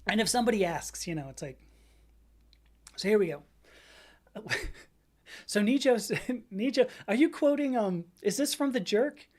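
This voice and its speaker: A woman's voice: medium pitch, animated, moderate pace, pauses often, darkish tone. A woman hosting a livestream, talking in a casual, digressive way while chatting with viewers. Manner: digressive, chatty, stops to greet viewers and read chat; many fillers and restarts, laughs at herself. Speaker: livestream host. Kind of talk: casual lecture-style stream chat.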